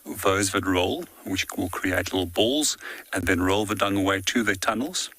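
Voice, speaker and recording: Deep-voiced, bright-toned safari guide man. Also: moderate pace, rough recording. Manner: calm, explanatory, teaching tone. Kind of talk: live field commentary on a walking safari. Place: outdoors in the bush on foot.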